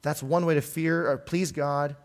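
A male pastor delivering a sermon with a somewhat high voice. He preaches earnestly, his volume swelling on key points and easing off quietly after them. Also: steady tone, unhurried, vocal fry.

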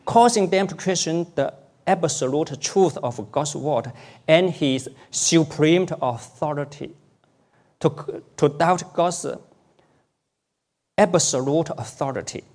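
A man's voice: fairly high pitch, a little mellow. A man preaching a sermon, repeating key phrases to drive them home.

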